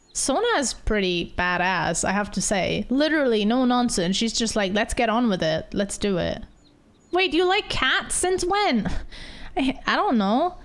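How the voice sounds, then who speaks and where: Excitable woman streamer, high and animated, casual game commentary. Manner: chatty, excitable, gasps and laughs. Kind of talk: casual let's-play commentary.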